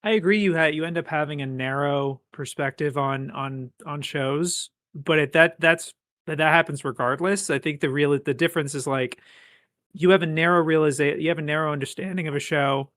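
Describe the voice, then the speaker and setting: A man's voice: on the high side, steady tone, normal speed, a bit bright, dry recording, studio quality. A man co-hosting a podcast in casual chat, rambling and restarting his sentences as he agrees along. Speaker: podcast co-host.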